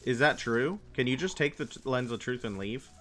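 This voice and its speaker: A man's voice: mid-range voice, fairly quick, a bit bright, soft background music. A young man chatting casually while streaming a game, rambling and answering his chat's messages. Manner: meandering, answers chat messages aloud. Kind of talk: casual gaming livestream chat.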